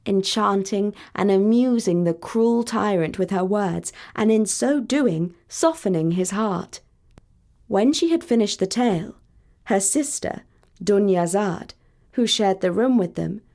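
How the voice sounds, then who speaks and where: A woman storyteller narrating a fairy tale in a clear, measured, deliberate way. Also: mid-range voice, a little mellow.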